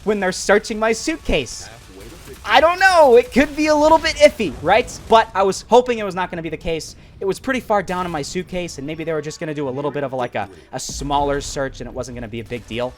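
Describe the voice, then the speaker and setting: A man who is a mobile gaming YouTuber, telling a story in an animated, casual way full of "like" and "right?". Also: on the high side, slight background noise. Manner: animated, lots of fillers like "like" and "right?".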